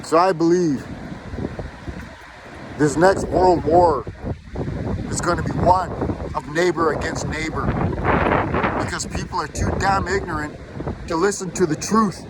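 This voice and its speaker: A man's voice: high voice, background noise. A man from Canada delivering a heated, profane, defiant rant to camera outdoors. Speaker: video blogger. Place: outdoors in a built-up area.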